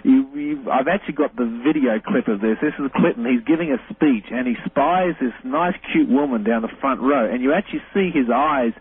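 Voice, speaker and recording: Male phone-in guest, mid pitch, chuckly explainer, tinny line, faint hiss. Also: fairly quick, few pauses, husky. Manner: chuckles often, explains and cues up clips. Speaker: guest researcher. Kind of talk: radio call-in interview.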